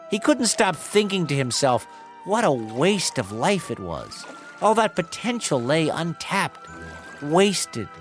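A man narrating a myth as a story, in an expressive, dramatic way. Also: mid-range voice. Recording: dry close sound with faint music.

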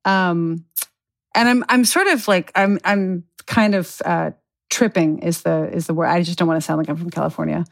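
A woman in her thirties, a schoolteacher, chatting as a guest on a podcast in an animated, giggly way with many fillers. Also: lowish voice, normal speed, vocal fry. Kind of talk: casual podcast conversation.

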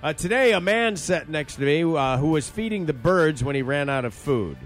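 A man's voice: a little high, moderate pace, soft background music. A man hosting a talk show, reading out funny stories and joking around in casual banter. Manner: joking, animated storytelling. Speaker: radio show host reading listener stories.

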